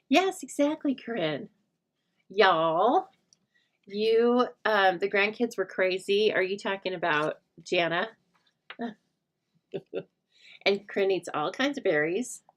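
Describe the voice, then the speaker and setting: A middle-aged woman hosting a crafting livestream, chatting casually and rambling to her viewers while she works. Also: on the low side. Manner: chatty, rambling, laughs often, talks to viewers by name.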